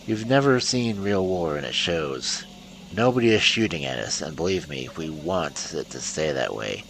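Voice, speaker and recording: A man reading the lines of a calm, professional male protest leader in a story game. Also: very deep voice, vocal fry, a little hiss or hum, full character voice, poor audio. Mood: stern. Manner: cool, measured.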